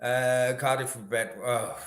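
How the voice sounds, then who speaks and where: A man's voice: mid-range voice, steady tone, a little slow, fairly bright tone, roomy sound. A man hosting a casual live chat with viewers, chatty and rambling. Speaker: host. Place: room in Australia.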